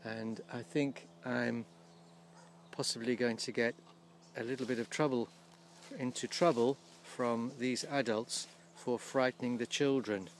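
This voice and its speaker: A man giving casual, gently humorous commentary outdoors by a field, slowly explaining English words as he films. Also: medium pitch, steady tone, slight background noise. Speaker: vlogger teaching English.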